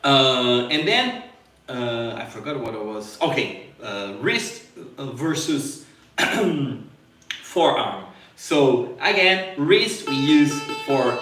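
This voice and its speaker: Slow-talking male guitar teacher, roomy sound. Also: mid-range voice, expressive, a bit bright, recorded from a distance. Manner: explains step by step, checks in with frequent "okay?"; pauses to demonstrate on the guitar. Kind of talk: live online guitar lesson.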